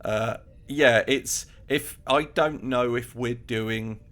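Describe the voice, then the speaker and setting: A man's voice: mid-range voice, slow pace. Man chatting animatedly on a podcast. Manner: animated, acts out quotes, many restarts. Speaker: podcast co-host. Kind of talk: casual chat.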